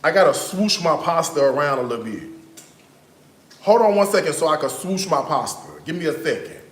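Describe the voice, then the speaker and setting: Lively storytelling man in an echoey kitchen. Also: on the high side, fairly quick. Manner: animated storyteller, addresses viewers directly. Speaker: cooking live-stream host. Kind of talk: casual chat while cooking. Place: home kitchen.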